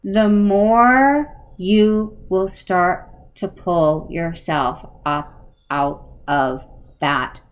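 A woman's voice: fairly low pitch, drawn-out words. A middle-aged woman hosting a podcast interview, effusive and chatty, laughing often. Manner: warm, effusive, animated with laughs. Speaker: podcast host. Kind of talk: casual interview chat.

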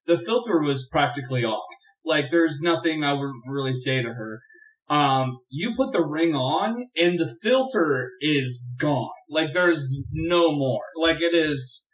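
A young man chatting as a podcast guest, telling animated stories and laughing often. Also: fairly high pitch, unhurried, lo-fi sound. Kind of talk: casual chat.

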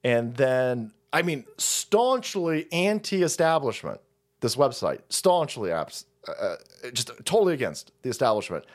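A man's voice: medium pitch, sing-song, a little slow. A man hosting a political commentary stream, ranting in a rambling, sarcastic and foul-mouthed way. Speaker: host.

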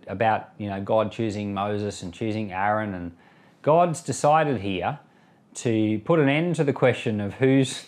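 A pastor whose voice is fairly low and a little mellow reads from scripture, then comments in a conversational way. Now and then he voices the people he's quoting.

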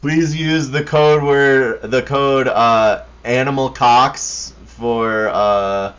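A man's voice: medium pitch, fairly even intonation, a bit bright, muffled recording. A man co-hosting a podcast, joking through a mock sponsor read. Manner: drawn-out, fake ad-read delivery. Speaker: podcast co-host. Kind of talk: crude casual banter.

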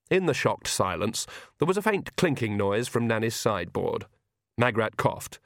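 A man narrating an audiobook in a measured storytelling manner. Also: fairly low pitch, expressive, no room sound, clean studio sound. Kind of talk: scripted narration.

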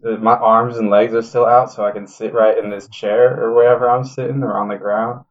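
A man's voice: on the low side, little pitch movement, fairly quick, lo-fi sound. Wry male tabletop player. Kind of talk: casual game chat.

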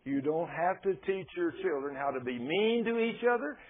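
A man's voice: high-pitched, lively intonation, normal speed. An older man preaching a sermon, telling folksy stories and asking the congregation rhetorical questions. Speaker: pastor. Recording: tinny lo-fi radio broadcast.

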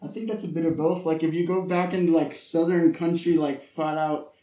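A man's voice: a little high, fairly even intonation, brisk, mellow, reverberant, far from the mic, poor audio. A young man co-hosting a casual podcast from a garage, rambling and full of filler words. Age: young adult. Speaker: podcast co-host.

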